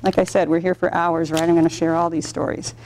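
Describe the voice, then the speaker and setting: A middle-aged woman leading a sales training workshop, telling stories in an animated way and acting out the quotes. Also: fairly low pitch, fast, a little hiss or hum. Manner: animated storytelling with acted-out quotes. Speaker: workshop instructor.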